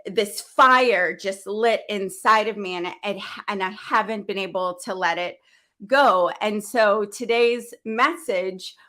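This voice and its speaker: A woman hosting a business event livestream, talking earnestly and with deep feeling, open about her faith, often starting sentences over. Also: a little slow, bright, forceful tone. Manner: earnest, heartfelt, faith-filled, rambling with restarts. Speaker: event host. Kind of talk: emotional livestream talk.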